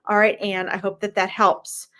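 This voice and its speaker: A woman's voice: medium pitch, little pitch movement, normal speed, a bit bright. A woman giving live psychic medium readings, talking directly and emphatically, with frequent fillers and "okay?" check-ins.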